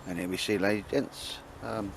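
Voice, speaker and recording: A man's voice: lowish voice, steady tone, a little fast, creaky, background noise. A man chatting casually to the camera while cooking outdoors, rambling and bantering with lots of tag questions. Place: outdoors in woodland.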